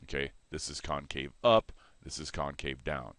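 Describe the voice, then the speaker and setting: A man teaching a math lesson in a relaxed way, correcting himself and explaining as he sketches on a board. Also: rumbling low, moderate pace, no room sound.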